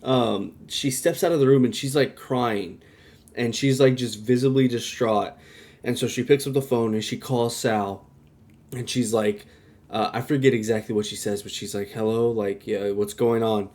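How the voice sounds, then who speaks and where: A young man co-hosting a podcast, retelling scenes in an animated way and laughing often. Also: medium pitch, normal speed. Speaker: podcast co-host. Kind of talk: casual chat.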